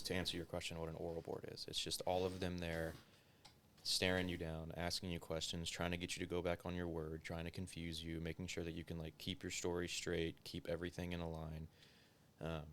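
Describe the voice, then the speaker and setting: Low gravelly man telling a story. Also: monotone, fairly quick, fairly bright tone, slight background noise. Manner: loose and profane, heavy use of filler words. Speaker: interview guest, former police officer. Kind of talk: casual conversational storytelling.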